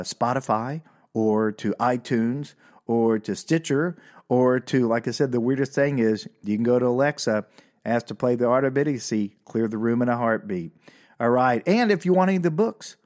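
Older male podcast host, comic monologue, self-mocking, animated, breaks into exasperated outbursts. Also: mid-range voice.

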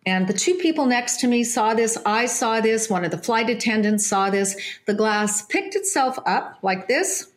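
A woman telling a casual anecdote in an animated way, restarting sentences often and acting out other people's voices. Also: on the high side, normal speed, hardly any pauses.

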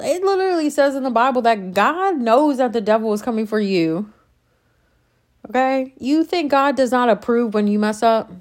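A woman speaking casually and with passion about her faith, rambling and interrupting herself as she gets worked up. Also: on the high side. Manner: impassioned, rambling, self-interrupting. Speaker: faith vlogger. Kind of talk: casual spiritual monologue.

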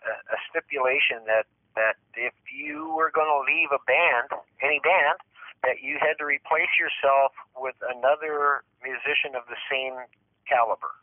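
A man's voice: mid-range voice, normal speed, dry recording. Man telling stories over a phone line. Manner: rambling, animated storytelling with repeated words. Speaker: guest musician. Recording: tinny phone line, dry.

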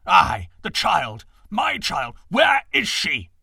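A man's voice: high voice, wildly swooping pitch, slow pace, vocal fry, pushed and bright, husky, dry recording, clean studio sound, far from the mic, voice pushed up, exaggerated voice. A man voicing a frantic father in a storybook, panting and crying out. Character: frantic father searching for his daughter.

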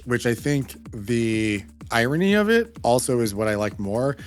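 A man co-hosting a casual chat, sassy and gushing, often trailing off and restarting. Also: medium pitch. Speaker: co-host.

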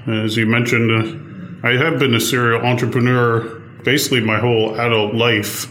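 A man as a podcast guest, answering interview questions in a composed, measured way. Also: mid-range voice, little pitch movement, a bit bright, echoey room, slight background noise.

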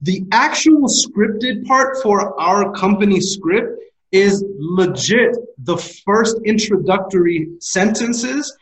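A man's voice: sits high, expressive, takes it slowly, reverberant, slight background noise, poor audio. A man in casual podcast conversation who talks emphatically and eagerly, often repeating his words.

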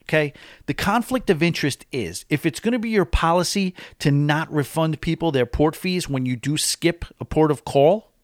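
A man's voice: on the high side, moderate pace, dry recording, studio quality. A man vlogging about a cruise in a casual, opinionated monologue, talking with emphasis.

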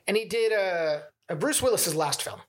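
A man's voice: sits high, animated, normal speed, slight background noise. Chatty man picking apart a movie. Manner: chatty, rambling, lots of "like" fillers. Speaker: podcast co-host. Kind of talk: casual chat, film critique.

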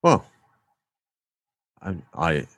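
A man's voice: very slow, a bit bright, no room sound, clean studio sound. An English man co-hosting a casual comedy chat, rambling through jokey stories and slipping into silly voices. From England. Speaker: podcast co-host.

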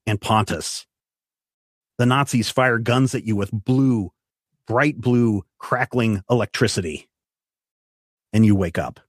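A man's voice: mid-range voice, no echo, studio quality. A man running a tabletop role-playing game, narrating scenes and explaining rules with some restarts. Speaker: game master.

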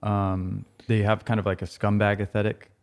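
Laid-back man with a low voice. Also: little pitch movement, normal speed, a little mellow. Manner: laid-back, rambling, many fillers. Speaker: podcast co-host. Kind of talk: casual music review chat.

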